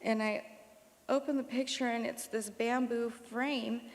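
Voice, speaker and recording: Brief: emotional daughter in her 40s at a podium, gravelly and rambling, echoing concert hall. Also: on the high side, fairly even intonation, unhurried. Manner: emotional, rambling, many fillers. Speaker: daughter giving a eulogy. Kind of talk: memorial tribute speech. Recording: long hall reverb.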